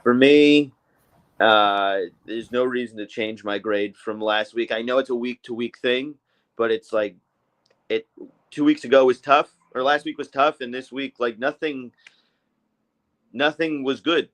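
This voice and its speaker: Man chatting in halting restarts. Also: mid-range voice, fairly bright tone, poor audio. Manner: rambling, halting, many fillers and restarts. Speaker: co-host. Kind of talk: casual political chat.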